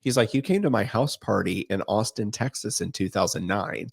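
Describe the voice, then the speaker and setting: A man co-hosting a podcast, chatting casually and telling animated stories, acting out the voices he quotes and laughing often. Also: fairly low pitch, normal speed, gravelly, breathy edge. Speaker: podcast co-host. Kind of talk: casual chat.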